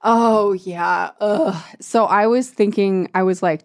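A woman's voice: medium pitch, fairly even intonation, slow, dry recording, clean studio sound. A woman chatting casually about a book, laughing often, sarcastic, and acting out characters' lines. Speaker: podcast co-host discussing a book. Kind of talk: casual chat.

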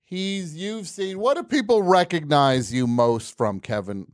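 A man's voice: a little high, a little slow, no room sound, clean studio sound. A man hosting a podcast in a casual, jokey, rambling way. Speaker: podcast host. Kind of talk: casual chat.

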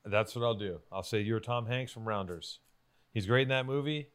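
A man's voice: on the low side, normal speed, fairly bright tone, smooth. A man hosting in casual banter, explaining at length and laughing often.

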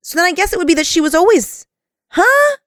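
A woman's voice: extremely high pitch, very animated, a little fast, a bit bright, dry recording, clean studio sound. A woman hosting a casual podcast chat, agreeing often and reading plot summaries aloud with many "like"s. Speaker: podcast host.

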